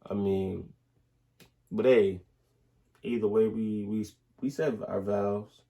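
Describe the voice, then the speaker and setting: A young man, casually telling animated stories in a couple's Q&A, full of slang and restarts. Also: lowish voice, takes it slowly. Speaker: soldier in the Army, husband.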